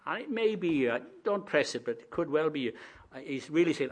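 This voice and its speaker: A preacher, a man, delivering a sermon, shifting between quiet reflective musing and loud rising proclamation. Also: fairly high pitch, lively intonation, normal speed.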